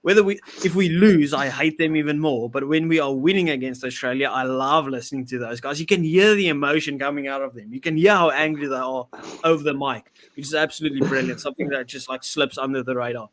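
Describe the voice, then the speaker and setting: A man's voice: on the high side, fast. A man with a South African accent hosting a casual rugby podcast, upbeat as he signs off the show. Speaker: podcast host. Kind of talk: casual chat.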